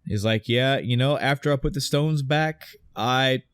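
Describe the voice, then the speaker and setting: A man's voice: mid-range voice, measured pace, smooth, no room sound. Dry-voiced man retelling a movie. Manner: excited retelling with swearing and quoted dialogue. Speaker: podcast co-host. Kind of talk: casual film discussion.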